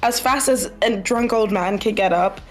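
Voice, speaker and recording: A woman running a tabletop game, describing the scene to the players in measured narration. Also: medium pitch, faint music behind, rough recording. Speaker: game master.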